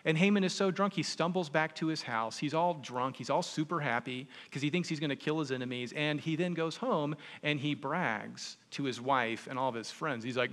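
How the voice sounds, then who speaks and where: A man preaching a sermon, retelling a story in an animated, conversational way. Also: a little high, moderate pace, few pauses. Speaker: pastor. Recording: long reverb in a large hall.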